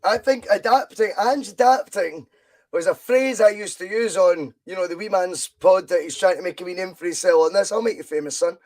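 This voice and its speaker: A Scottish man with a fairly high voice hosts a casual football podcast. He talks in an animated, opinionated way, pressing his points with real emphasis. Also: moderate pace. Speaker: podcast host.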